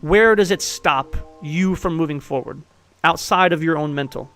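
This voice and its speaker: A man's voice: fairly high pitch, moderate pace, fairly bright tone, faint music behind. A man giving casual life-coaching advice, blunt and profane, pressing his listener with direct questions. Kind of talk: casual one-on-one advice talk.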